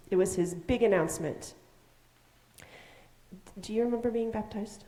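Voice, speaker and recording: Woman leading children's time in a sanctuary; mellow, animated storyteller, roomy echo. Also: mid-range voice, moderate pace, pauses often. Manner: animated, asks questions, acts out voices. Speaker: children's message leader. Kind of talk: children's sermon, storytelling to kids. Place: church sanctuary. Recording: echoey sanctuary.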